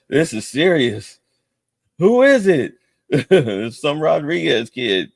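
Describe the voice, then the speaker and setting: A man's voice: mid-range voice, very animated, slow, breathy edge, no room sound, studio quality. A man streaming heated, profane political commentary with a mocking edge.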